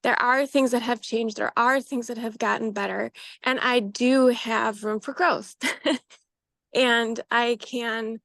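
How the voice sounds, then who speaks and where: A woman coaching client shares her reflections in a group, pausing often to find her words. Her voice is somewhat high and gravelly, and she talks slowly. The sound is dry and close. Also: steady tone, a bit bright, dry recording. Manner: hesitant, halting, many fillers.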